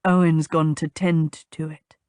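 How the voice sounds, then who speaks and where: A woman voicing a gentle, soft-spoken young gentleman who murmurs in a low voice, in an audiobook. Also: level tone, a little slow, clear, resonant tone, no room sound. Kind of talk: audiobook character voice.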